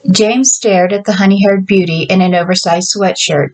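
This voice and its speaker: A woman author reads her own fiction aloud and drops casual asides between passages. Her voice sits at an ordinary middle pitch. The reading is unhurried and plain. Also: fairly even intonation, poor audio.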